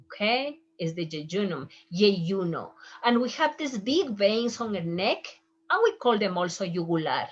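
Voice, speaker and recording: Unhurried female teacher, native Spanish speaker, repeats each term; slightly lo-fi sound. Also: mid-range voice, big pitch swings. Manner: slow, patient, repeats terms for pronunciation. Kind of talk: medical Spanish lesson.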